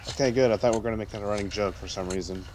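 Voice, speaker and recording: A man's voice: lowish voice, rapid-fire, darkish tone, slight background noise. A man co-hosting a casual let's play stream, teasing his partner and laughing easily. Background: game music.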